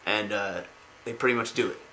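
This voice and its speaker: A man's voice: fairly low pitch, brisk, sharp tone, slight background noise, poor audio. A man casually retelling video game lore, rambling with many fillers.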